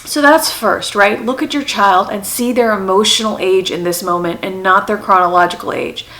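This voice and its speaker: A woman's voice: medium pitch, normal speed, fairly bright tone, rough recording. A woman in her thirties, hosting a parenting channel, talking to camera in an earnest way and repeating her questions for emphasis. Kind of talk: advice talk to camera.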